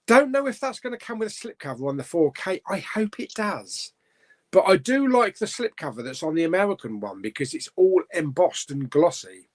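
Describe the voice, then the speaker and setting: A middle-aged man talks casually on a live stream. He sits a little high for a man's voice and his pitch swings a lot. He rambles with fillers and chuckles between comments. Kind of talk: casual live chat reading viewer comments.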